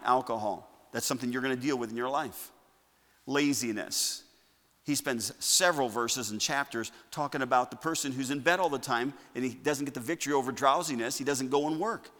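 A man preaching a sermon to his church, moving between loud declarations and quiet asides. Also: mid-range voice. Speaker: pastor. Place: church sanctuary. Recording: long reverb of a church hall.

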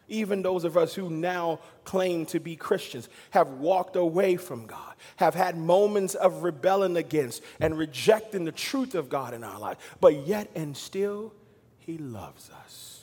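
A man preaching a sermon as pastor, swinging between loud emphatic lines and quiet, hushed asides. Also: a little high, expressive, unhurried, hardly any pauses, slightly rough, in a large hall. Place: church sanctuary.

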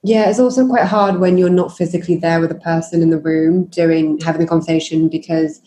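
A woman hosting a podcast interview over a video call, with a relaxed manner and many fillers. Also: sits low, a little fast, a little hiss or hum. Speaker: podcast host. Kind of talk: casual interview chat.

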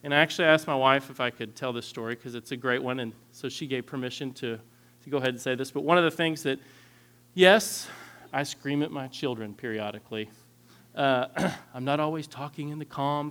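A man in his thirties giving a candid, earnest lecture on parenting styles, often clearing his throat. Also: medium pitch, brisk, fairly bright tone. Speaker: parenting instructor.

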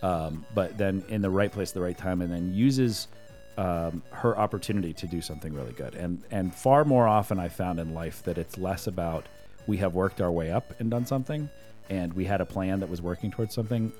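Man, low voice, casual podcast chat, thoughtful, rambling, faint music underneath. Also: brisk, darkish tone. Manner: thoughtful, rambling, with fillers and restarts. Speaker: podcast co-host. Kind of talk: casual chat about the Bible.

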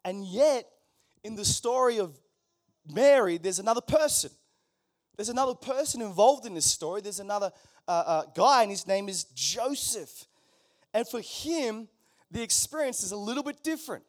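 A man's voice: high-pitched, normal speed. A man, preaching in church and acting out the story. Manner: animated, acts out characters in quoted voices. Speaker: pastor. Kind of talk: sermon with storytelling. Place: church hall.

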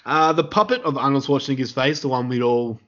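A man's voice: mid-range voice, quick pace, fairly bright tone, lo-fi sound. Laughing Australian man reading trivia. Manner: laughs often, reads out trivia in a loose, joking way. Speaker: podcast host. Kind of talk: casual podcast chat.

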